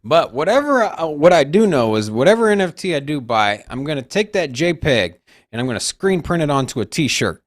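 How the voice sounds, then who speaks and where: A man's voice: a little high, very animated, fairly quick. Blunt joking male co-host. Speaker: podcast co-host. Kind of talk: casual chat.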